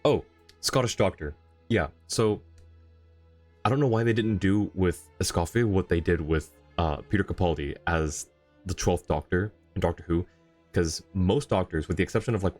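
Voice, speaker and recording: A man's voice: sits low, normal speed, a little mellow, soft background music. A man streaming a video game, chatting casually, laughing often and going off on rambling asides. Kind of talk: casual live commentary.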